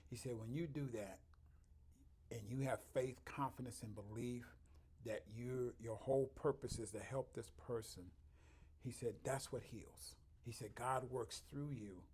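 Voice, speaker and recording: Husky guy, chiropractor, earnest storytelling in an interview, quotes people a lot. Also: mid-range voice, fairly even intonation, moderate pace, darkish tone. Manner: earnest, heartfelt, often quoting others, laughing at his own stories. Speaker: chiropractor, guest.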